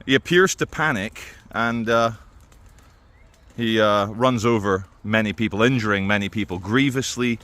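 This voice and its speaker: A man's voice: fairly low pitch, normal speed, a bit bright, no room sound. Rambling man, offhand commentary. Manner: rambling, stops and restarts, many "uh" fillers. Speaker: vlogger. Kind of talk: casual commentary to camera.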